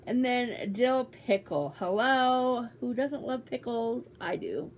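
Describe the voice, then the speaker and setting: A woman's voice: a little high, lively intonation, slow, hardly any pauses. A woman vlogging casually as she unboxes a gift swap, bubbly and teasing as she exclaims over each item. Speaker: beauty vlogger.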